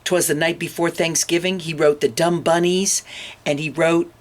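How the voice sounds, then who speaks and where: A woman reading a picture book aloud to children, expressive and adding little asides to her listeners. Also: deep voice, normal speed, a little hiss or hum. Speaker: storytime reader.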